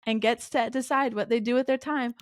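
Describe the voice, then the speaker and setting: Candid woman telling lively anecdotes. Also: fairly high pitch, brisk, dry recording, studio quality. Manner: candid, animated anecdotes with quoted dialogue. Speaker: podcast guest. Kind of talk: conversational interview storytelling.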